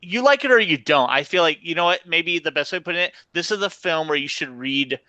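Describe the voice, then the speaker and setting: A man with a bright, crisp voice talks films on a podcast, recorded dry and close. He starts haltingly, filling pauses with ums and you-knows. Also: on the high side, expressive, no echo, highs cut off. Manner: hesitant, halting starts with frequent fillers. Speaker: podcast co-host. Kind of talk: casual film review chat.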